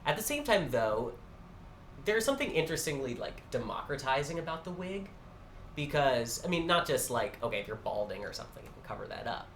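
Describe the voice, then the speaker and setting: A man's voice: a little high, very animated, fairly quick, a bit bright. A man co-hosting a podcast, musing and digressing as he thinks aloud in casual conversation. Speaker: podcast co-host. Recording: echoey room, faint background noise.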